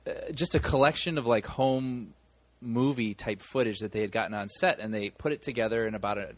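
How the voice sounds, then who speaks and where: A man's voice: mid-range voice, brisk, no room sound. A man co-hosting a movie podcast, telling a long story in casual chat with many restarts. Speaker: podcast co-host.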